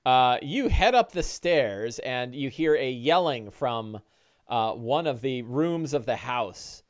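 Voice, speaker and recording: A man's voice: medium pitch, slow pace, muffled recording. A man narrating as game master of a tabletop game, talking casually with many filler sounds. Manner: lively, casual, frequent uh fillers.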